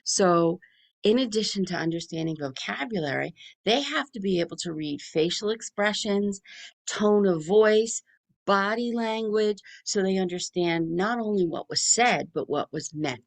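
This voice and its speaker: Chatty, gravelly-voiced New woman. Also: mid-range voice, lively intonation. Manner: chatty, talks fast with few pauses. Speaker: speech pathologist presenting to parents. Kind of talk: informal presentation to families.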